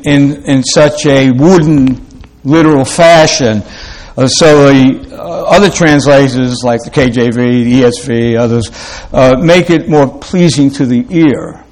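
A man preaching a sermon in a halting way, with many fillers and restarts, slowing down to read scripture aloud. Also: medium pitch, a little mellow, rough recording.

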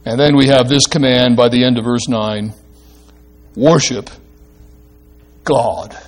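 A man's voice: medium pitch, steady tone, takes it slowly. A man preaching a sermon, emphatic and asking the congregation questions as he explains a passage. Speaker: pastor.

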